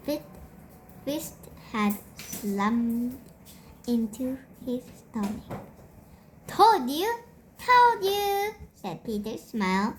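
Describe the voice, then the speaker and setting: Slow halting child storyteller. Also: mid-range voice, a little hiss or hum, poor audio. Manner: halting reading with stumbles and repeats. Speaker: storybook reader. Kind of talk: reading a storybook aloud.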